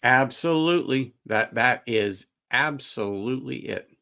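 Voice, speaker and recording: A man's voice: mid-range voice, unhurried, vocal fry, pushed and bright. A middle-aged man hosting a casual whiskey livestream, rambling in a folksy way and answering viewers' comments. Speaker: whiskey channel host.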